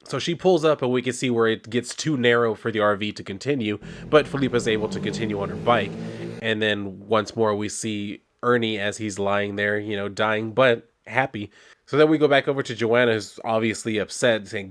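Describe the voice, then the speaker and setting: A man's voice: on the low side, normal speed. A man casually retelling a comic book issue, reading its dialogue plainly and adding wry asides. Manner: relaxed, wry asides and fillers.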